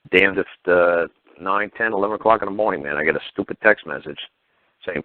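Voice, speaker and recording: A man's voice: low voice, a little fast, no echo. A man on a talk show telling a story in a blunt, profane, fired-up way over the phone. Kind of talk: casual call-in radio chat. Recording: tinny phone line.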